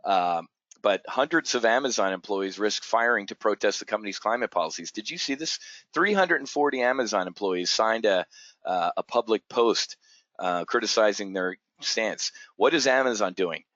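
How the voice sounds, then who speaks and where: Male trading-show host with a low voice for a blunt, cursing unscripted rant that restarts often. Dull, muffled recording. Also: animated, normal speed, fairly bright tone, no room sound. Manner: blunt and profane, with frequent stammered restarts. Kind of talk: unscripted market commentary rant. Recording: dull, dry lo-fi audio.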